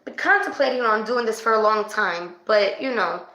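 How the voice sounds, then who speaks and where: A woman doing a casual livestream spirit session as a psychic reader, chatty and excitable, calling her viewers babes. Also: medium pitch, normal speed. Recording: echoey room.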